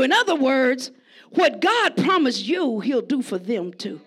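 A woman preaches a sermon in a high voice with a gravelly edge. She talks to the congregation like a friend, then rises into emphatic shouts. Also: sing-song, normal speed.

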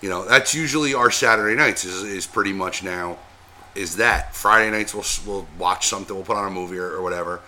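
A man's voice: deep voice, a little fast, pushed and bright, a little hiss or hum. A man co-hosting a podcast in casual chat, laid-back and matter-of-fact. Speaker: podcast co-host.

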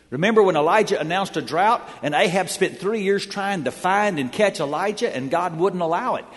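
A man's voice: sits high, lively intonation, moderate pace, long reverb tail. A man preaching a sermon, telling the story with dramatic energy in a church sanctuary. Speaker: pastor.

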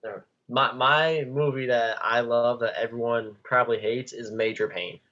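A man's voice: medium pitch, fairly even intonation, normal speed, bright, forceful tone, dull audio. A young man in college, co-hosting a podcast in casual chat, rambling with lots of fillers. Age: young adult. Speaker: podcast co-host.

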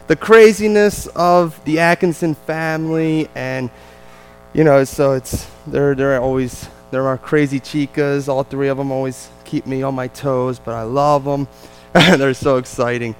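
A visiting missionary with a New Jersey accent tells a church congregation a lively, self-deprecating family story. His voice is medium in pitch, and the recording is rough.

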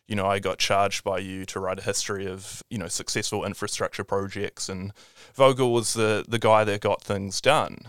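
A man's voice: lowish voice, little pitch movement, moderate pace, fairly bright tone, smooth, no echo, studio quality. A man, a historian guest on a podcast, talking thoughtfully and often restarting his sentences. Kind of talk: conversational interview.

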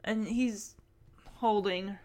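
A young woman giving a chatty, animated recap with quick asides. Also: mid-range voice. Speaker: host recapping a sitcom. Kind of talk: casual commentary.

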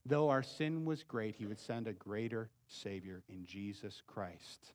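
A man preaching a sermon as pastor, moving between loud emphatic peaks and hushed, low asides. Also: a little slow, hardly any pauses. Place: church sanctuary. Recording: long church hall reverb.

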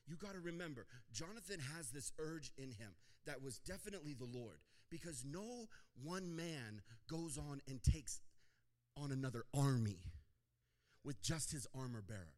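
A male pastor delivers a sermon in an animated, playful way, acting out everyday scenes for his congregation. His voice sits at a middle pitch but swings up and down freely as he jokes and presses his points. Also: moderate pace. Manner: animated, joking, acts out little scenes.

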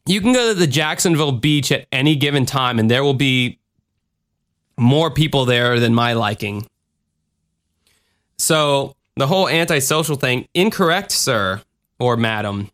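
A man hosting a podcast, answering listener questions in a profane, rambling way with animated rants. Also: medium pitch, measured pace. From Florida. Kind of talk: casual podcast rant.

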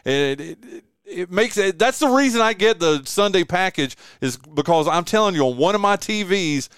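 Man, radio host, effusive, casual chat, smooth voice, dry studio sound. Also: high-pitched, expressive, moderate pace, a bit bright, no echo. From eastern North Carolina. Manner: effusive and enthusiastic.

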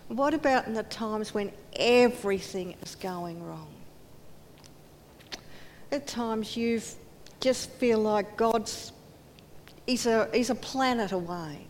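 A woman's voice: slow pace, pauses often, darkish tone. A woman giving a sermon in earnest tones, acting out quoted voices and dropping to near whispers. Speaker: preacher. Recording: hall reverb, faint rumble.

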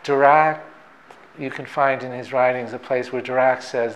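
Guy physicist talking it through, measured and professorial, middle pitch. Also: steady tone, a little hiss or hum, rough recording. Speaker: theoretical physicist. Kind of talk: reflective explanatory talk.

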